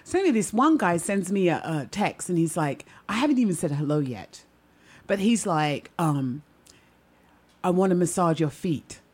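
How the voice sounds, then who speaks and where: A middle-aged woman doing stand-up, telling stories in a chatty, animated way and often asking the audience "right?". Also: lowish voice, normal speed, breathy edge. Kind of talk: stand-up storytelling.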